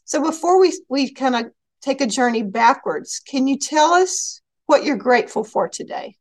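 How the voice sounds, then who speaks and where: A woman with a Texas accent hosting a podcast interview, asking gentle, encouraging questions over a remote call. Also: sits high, lively intonation, moderate pace, dry recording. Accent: Texan. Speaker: podcast host.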